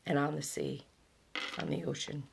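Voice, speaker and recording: Her voice is low and gravelly with a flat delivery and moderate pace, set against background noise. She's a middle-aged vlog host raised on an island, casually reading out facts, thinking aloud and laughing at them.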